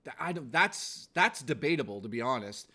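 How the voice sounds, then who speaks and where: A man's voice: medium pitch, animated, moderate pace, pushed and bright. A man streaming from home, chatting casually with crude, profane jokes and rambling asides. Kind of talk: casual livestream chat.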